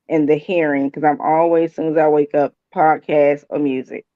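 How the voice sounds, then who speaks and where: A woman co-hosting a casual chat. She is relaxed, chuckles, and often chimes in with short agreeing sounds. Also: sits low, unhurried, dry recording. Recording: dull, dry, lo-fi sound.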